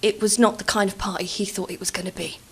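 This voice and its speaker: A woman puts on a scheming middle-aged uncle who keeps a straight face and plays it sad. His delivery is mock-solemn and deadpan, and the voice is fairly high in pitch. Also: a little slow.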